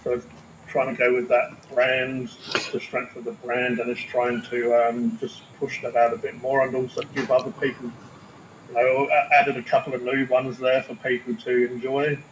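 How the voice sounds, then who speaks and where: A man's voice: medium pitch, level tone, normal speed. A man chatting casually on a live stream about his food review videos, rambling and swearing freely. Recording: roomy space with faint ambient noise.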